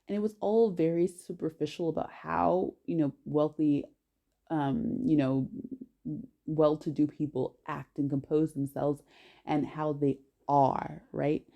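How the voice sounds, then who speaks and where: A woman telling a personal story to camera in an animated, emphatic way, often correcting herself mid-sentence. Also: low-pitched, measured pace, vocal fry, muffled recording.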